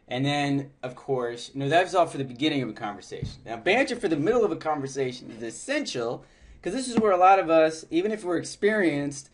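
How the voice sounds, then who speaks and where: A man's voice: on the high side, animated, brisk. A man giving casual dating advice, chatty and loose, laughing often and filling his talk with "like" and "you know.". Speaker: dating coach.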